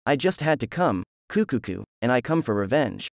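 A man's voice: mid-range voice, sing-song, moderate pace, gravelly, no echo, studio quality. A man doing a taunting brutish swordsman. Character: brutish grown male swordsman rival seeking revenge.

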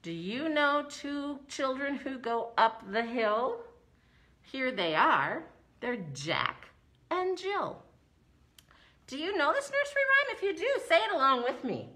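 Animated sing-song woman at story time. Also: sits high, slow pace. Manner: animated, sing-song, exaggerated for small children. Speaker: children's librarian. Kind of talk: preschool story time reading.

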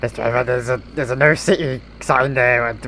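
A man's voice: mid-range voice, fairly even intonation, normal speed, bright, forceful tone, a little hiss or hum. A man giving casual, playful gameplay commentary, giggling often and putting on a silly voice to tease a game character. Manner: puts on a silly voice. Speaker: gaming video creator.

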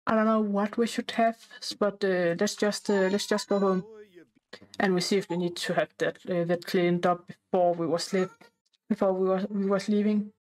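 A woman talking casually over life-sim gameplay, halting and chatty with many fillers and restarts, often out of breath. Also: mid-range voice, fairly even intonation, darkish tone, low-quality recording. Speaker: gameplay narrator.

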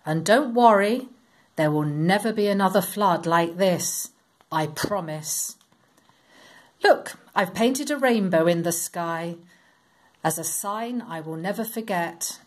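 A woman reading as a gentle, kind God. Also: on the low side, lively intonation, takes it slowly. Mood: reassuring. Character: gentle, kind, caring God speaking to Noah.

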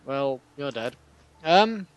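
A man giving casual commentary while playing a video game, chatty and prone to excitable outbursts and swearing. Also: medium pitch, slow pace, no echo, highs cut off. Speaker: let's play gamer.

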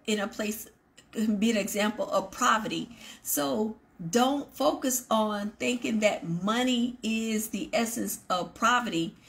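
A woman's voice: fairly high pitch, creaky. Earnest woman hosting a devotional show. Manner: earnest, emphatic repetition and asides to the audience. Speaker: ministry show host. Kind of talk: devotional talk to viewers.

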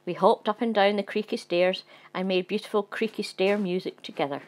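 A woman narrating a children's storybook in a gentle, playful way. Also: mid-range voice, a little fast. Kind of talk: storybook reading.

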